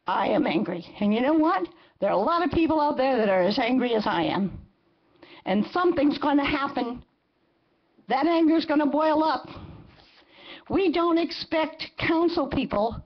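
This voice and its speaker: A woman's voice: a little high, lo-fi sound. A woman in her seventies giving impassioned public comment at a council meeting, indignant and emphatic, hammering her points by repetition. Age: 70s. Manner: indignant, emphatic, repeats phrases for force.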